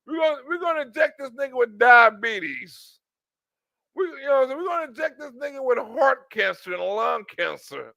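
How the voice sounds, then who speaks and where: A man playing a gang of sneering plotters who scheme to poison a patient, speaking in coarse street slang. The voice sits fairly high and has a bright edge. The sound is close and dry. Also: lively intonation, normal speed, creaky, no echo, heavily acted. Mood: mocking.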